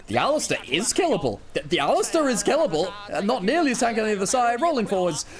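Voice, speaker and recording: A man doing excitable, jokey play-by-play commentary as an esports caster, swinging between shouts and low asides. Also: quick pace, crowd noise.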